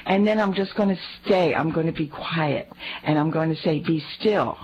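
In a low voice and at a moderate pace, a woman shares an earnest faith reflection in conversation with a priest, as a lay speaker, often repeating herself and restarting her words. The audio sounds dull.

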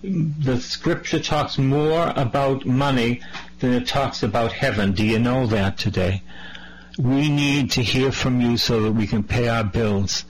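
A man's voice: mid-range voice, measured pace, a little hiss or hum, low-quality recording. A man preaching a sermon, reading scripture aloud and then explaining it in a conversational way, with some false starts.

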